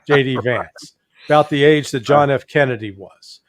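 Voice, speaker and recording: A man with a Midwestern accent, a guest commentator talking politics in a folksy, animated way with joking asides. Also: mid-range voice, normal speed, no room sound, clean studio sound. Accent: Midwestern American.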